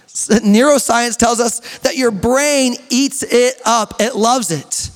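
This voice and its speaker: A young male pastor with a very high-pitched voice preaches a sermon in a church hall. His delivery is emphatic and drawn out, with sudden shouts and joking asides. The sound rings with long church-hall reverb. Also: slow pace.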